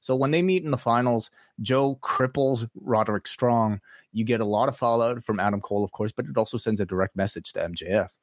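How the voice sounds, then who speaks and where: A man's voice: medium pitch, brisk, no echo, clean studio sound. A man co-hosting a wrestling review podcast, talking in casual chat, eager with his opinions and full of fillers and restarts.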